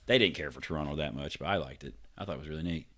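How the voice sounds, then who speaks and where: A man with a very low, deep voice co-hosts a loose podcast. He reads news items aloud, stumbling over names, and keeps breaking off to mock them with profane asides. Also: very fast, a bit bright. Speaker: podcast co-host reading news. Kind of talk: casual podcast banter.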